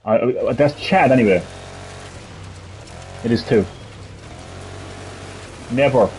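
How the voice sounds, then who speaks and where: A man's voice: medium pitch, slow, a little mellow, a little hiss or hum, rough recording. An Irish man giving casual, rambling gameplay commentary while answering chat as a streamer. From Ireland. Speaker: gaming streamer.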